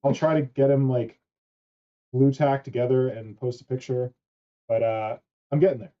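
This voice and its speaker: A man's voice: mid-range voice, fairly even intonation, normal speed. A man hosting a casual online chat, rambling and swearing casually. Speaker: host. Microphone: wrong mic. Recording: dull lo-fi mic.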